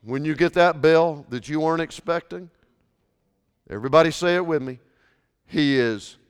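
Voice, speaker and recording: A man pastor preaching a sermon, swinging from hushed, intimate lines to shouted, passionate ones. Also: on the high side, normal speed, clear, resonant tone. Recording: long reverb of a large hall.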